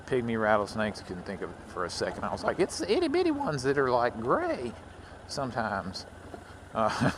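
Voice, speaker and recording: A man's voice: fairly low pitch, a bit bright, slight background noise. A man from Louisiana with a Southern accent, rambling casually while riding a motorcycle. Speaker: motovlogger.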